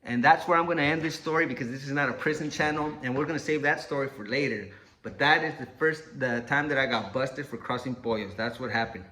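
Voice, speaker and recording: Bright-voiced guy swearing a lot, laid back storytelling, bit of faint noise. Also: mid-range voice, brisk. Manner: profane, slangy. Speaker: channel host. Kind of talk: casual storytelling.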